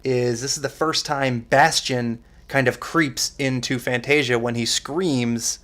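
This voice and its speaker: A man co-hosting a podcast, chatting casually about an old film with animated, excited bursts and frequent laughs. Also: medium pitch, measured pace. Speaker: podcast co-host. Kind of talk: casual movie discussion.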